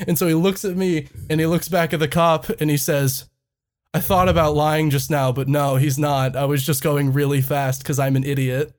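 A man's voice: on the high side, level tone, moderate pace. A man co-hosting a podcast, telling a story in casual chat, laughing often and swearing freely. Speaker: podcast co-host.

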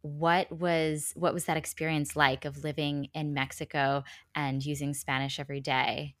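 A woman from the United States interviewing a guest in a friendly, relaxed way. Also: low voice, moderate pace, no room sound, clean studio sound. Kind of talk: conversational interview.

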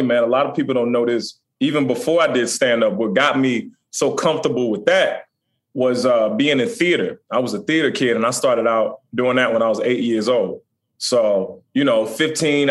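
A man from Virginia, a comedian guest on a podcast, chatting casually and telling stories with animated energy. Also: medium pitch, fairly quick. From Virginia, USA. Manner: animated storyteller, impressions. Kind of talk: casual interview chat.

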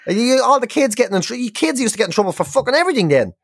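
Irish accent, forties, quick ranting delivery, heavy swearing, dry close mic. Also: mid-range voice, sing-song, gravelly, husky, no room sound. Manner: profane, ranting storyteller. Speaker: podcast co-host. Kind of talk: casual chat.

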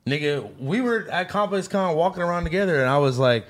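A man's voice: fairly high pitch, expressive, brisk, slight background noise. A man in casual podcast chat, rambling with lots of slang and fillers.

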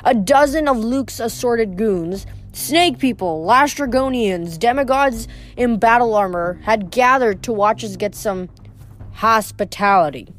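A woman reading a novel aloud in steady narration, with occasional small slips. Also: fairly high pitch, unhurried, soft background music. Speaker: reader.

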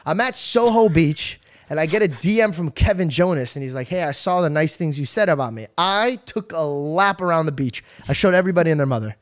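Excitable rambling podcast host, a man. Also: a little high, brisk, dry recording. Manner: excitable, rambling, swears a lot. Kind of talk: casual chat.

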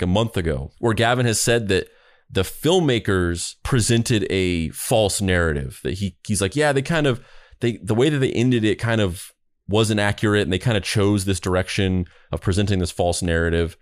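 A man's voice: medium pitch, no echo. Skeptical man musing in a dry room. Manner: skeptical, rambling with restarts and frequent "like". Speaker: podcast co-host. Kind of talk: casual podcast discussion.

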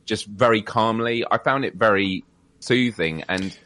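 A man's voice: on the low side, a little slow. A British man co-hosting a podcast, chatting casually, laughing often and acting out quotes as he tells stories. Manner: laughs often, animated storytelling with mimicked quotes. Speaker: podcast co-host. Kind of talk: casual chat.

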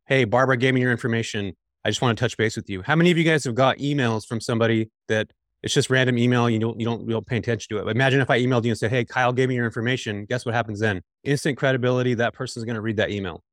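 A man's voice: medium pitch, very fast, dry recording, clean studio sound. A middle-aged man from California, a guest on a podcast interview, talking casually and energetically straight to the listeners. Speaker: podcast guest, midterm rental investor.

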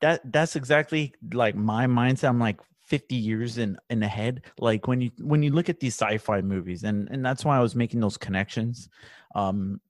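A man hosting a podcast, chatting casually, telling animated stories and swearing freely, with Spanish phrases dropped in. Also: medium pitch, normal speed, no echo, studio quality. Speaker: podcast host. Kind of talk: casual chat.

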